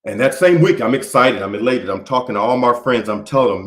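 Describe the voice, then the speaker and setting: A man from Houston, Texas, giving a motivational keynote speech, building through repeated phrases and moving from hushed to forceful. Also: mid-range voice, animated, brisk, few pauses. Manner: preacher-like build-ups, repeating phrases and swinging from soft to forceful. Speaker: motivational speaker.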